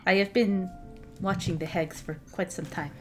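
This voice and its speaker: A woman's voice: lowish voice, steady tone, moderate pace, faint music behind, lightly acted. A woman voicing a weary peasant woman spy. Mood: cautious.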